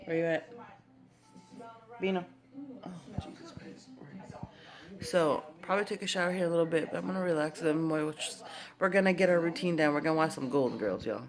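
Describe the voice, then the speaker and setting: A woman's voice: low voice, fairly quick, long pauses, crowd noise. A woman vlogger chatting casually at home, rambling with lots of fillers. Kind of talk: casual vlog chat.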